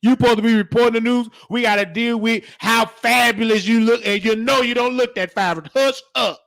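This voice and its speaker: A man with a high-pitched voice riffs through a casual reaction commentary. He teases and scolds in a preachy way, drawing out each "honey" as he hosts his show. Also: steady tone, creaky, a bit bright. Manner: teasing, preachy, drawn-out "honey"s. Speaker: show host.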